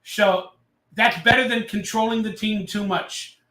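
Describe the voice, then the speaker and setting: A man's voice: high-pitched, fairly even intonation, unhurried, pushed and bright, roomy sound, far from the mic. A man hosting a casual live stream, ranting sarcastically and reading out viewer comments. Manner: ranting, sarcastic, reads chat aloud.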